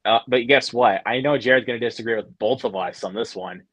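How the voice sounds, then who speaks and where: A man's voice: medium pitch, a little fast, a bit bright, slightly rough, dry recording. A young man hosting a casual live Q&A, talking in a laid-back way, saying "bro" a lot and telling stories animatedly. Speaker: livestream host. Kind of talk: casual chat.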